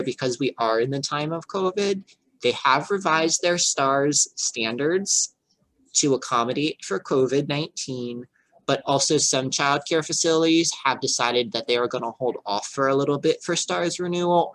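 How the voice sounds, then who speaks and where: A man, a childcare director, giving an earnest, explanatory online workshop over a video call and pausing to check for questions. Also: medium pitch, a bit bright, dry recording, poor audio.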